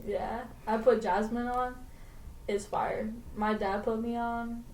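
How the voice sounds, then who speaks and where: Young woman co-host, slangy and profane, mid-pitched, off-mic in an echoey room. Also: steady tone, slow, a little mellow, distant mic, slight background noise. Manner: slangy, swears freely, laughs at her own story. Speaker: podcast co-host. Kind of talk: casual storytelling chat. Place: home podcast room. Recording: roomy echo, mic set back.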